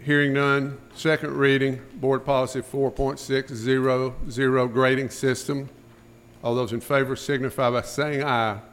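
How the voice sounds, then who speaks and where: A man chairing a school board meeting, running through motions and votes in a brisk, routine manner. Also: medium pitch, little pitch movement. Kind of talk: formal meeting procedure.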